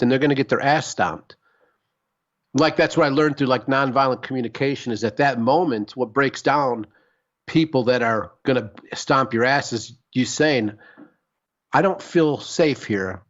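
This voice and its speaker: A man in relaxed conversation on a podcast, speaking at an ordinary middle pitch. He rambles, restarts his sentences and swears casually for emphasis. The audio is somewhat dull and lo-fi. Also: normal speed. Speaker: podcast co-host. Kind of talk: casual chat.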